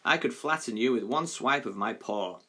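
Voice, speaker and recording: A man's voice: medium pitch, lively intonation, normal speed, a bit bright, husky. A man playing a silky menacing lion. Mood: scornful. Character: proud dangerous male lion, king of beasts.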